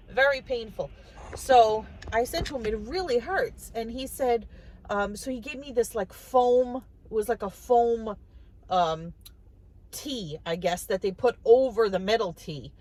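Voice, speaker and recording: A woman's voice: fairly high pitch, rough recording. A woman vlogger talking casually to the camera, telling a personal story in a chatty way, often repeating and restarting her words.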